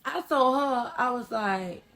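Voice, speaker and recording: Woman vlogger with a fairly high voice, telling a story bluntly and with sass, loud one moment and hushed the next. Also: slow pace. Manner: animated, emphatic storytelling that swings between loud outbursts and hushed asides; blunt and sassy with frequent slang. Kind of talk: casual storytime vlog.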